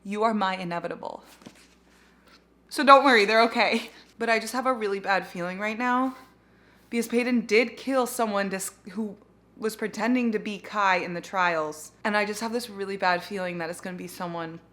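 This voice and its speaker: A woman's voice: medium pitch, normal speed, fairly bright tone. A young woman vlogging her reading, reacting emotionally and swearing freely. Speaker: book vlogger.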